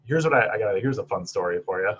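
Guy, kinda husky, chatty storyteller, dull lo-fi sound. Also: on the low side, expressive, fast talker, a bit bright. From Upper Peninsula of Michigan. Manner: chatty, lots of fillers, laughs at own stories. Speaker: psychologist guest. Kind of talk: casual storytelling interview.

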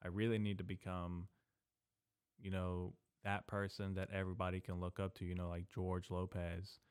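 A young man hosting a casual solo podcast, rambling and swearing, drifting between mumbled asides and loud venting into a desk microphone. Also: deep voice, monotone, normal speed, clear, resonant tone, dry recording, studio quality. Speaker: podcast host. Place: small indoor room.

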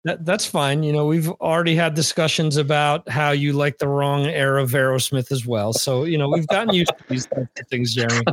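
A podcast host, a man with a fairly high voice, chatting casually and rambling through restarts and fillers. His sound is close and dry, with no room around it. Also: fairly even intonation, fairly quick, few pauses, no room sound. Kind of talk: casual chat.

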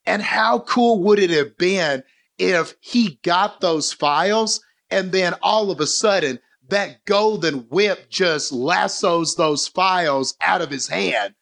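A man with a fairly high voice talks through a film scene on a casual podcast. He rambles in an animated way, swearing now and then. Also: slow, gravelly. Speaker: podcast co-host. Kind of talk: casual movie discussion.

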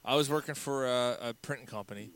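A man's voice: medium pitch, smooth, dry recording. A man with a mid-range voice shares a memory in easy conversation. He stumbles and repeats words as he starts his sentences. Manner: relaxed, halting with repeated words. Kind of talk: casual conversation.

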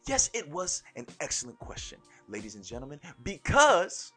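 A young adult man hosting a podcast, telling stories in an animated way and often calling out "ladies and gentlemen". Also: fairly high pitch, moderate pace, hardly any pauses, soft background music. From born in Turkey, raised overseas in a military family. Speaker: podcast host. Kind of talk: solo podcast monologue.

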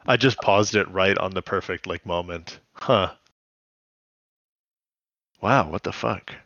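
A man's voice: low voice, takes it slowly, vocal fry, a bit bright, dry recording, dull audio. A man co-hosting a podcast in casual chat, rambling and giggly. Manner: rambling, giggly, puts on jokey quotes. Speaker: podcast co-host.

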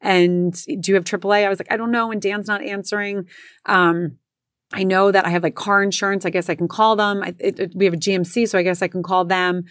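A woman's voice: mid-range voice, little pitch movement, brisk, no room sound. Chatty woman telling a story, dry close sound. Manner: chatty, self-mocking, acts out quotes. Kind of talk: casual anecdote.

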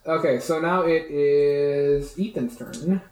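A man's voice: on the high side, takes it slowly, a little mellow, reverberant, low-quality recording. A man narrating as game master of a tabletop game in a loose, rambling way full of fillers.

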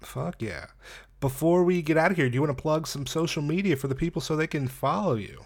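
A man's voice: on the high side, fairly quick, no echo, clean studio sound. A man hosting a podcast, laid-back and slangy, laughing along with his guest. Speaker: podcast host. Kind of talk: casual chat.

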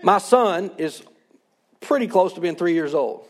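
A man's voice: high-pitched, lively intonation, unhurried. A man in his thirties, a pastor, preaching a sermon in an earnest, conversational way.

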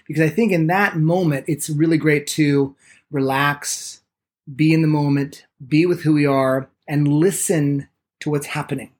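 A man teaching a podcast lesson on meditation, enthusiastic and quick to speed up, acting out the excuses people give. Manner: enthusiastic, speeds up when excited; lively pitch, acts out people's excuses.

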